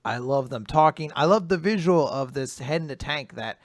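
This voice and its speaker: A man's voice: a little high, expressive, normal speed, dry recording, clean studio sound. A man co-hosting a podcast, enthusiastically and casually praising a manga chapter. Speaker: podcast co-host. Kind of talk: casual chat.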